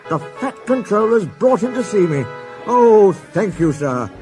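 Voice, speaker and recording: A man's voice: medium pitch, steady tone, slow, music in the background, lightly acted. A man voicing a grumpy, mournful big male steam engine in a storybook reading. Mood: overjoyed. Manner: mournful, huffy.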